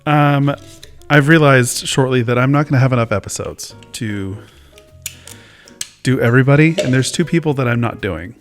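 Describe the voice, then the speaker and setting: A man's voice: mid-range voice, normal speed, faint music behind. A man hosting his own casual talk show, rambling and joking at his own expense. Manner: rambling, self-mocking, chatty. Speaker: host. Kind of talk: casual chat.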